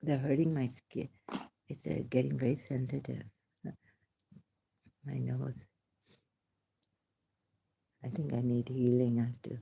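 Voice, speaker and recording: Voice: medium pitch, flat delivery, moderate pace, vocal fry, long pauses, mellow, breathy edge. A vlogger talking in a rambling solo monologue, laughing often and sighing between thoughts.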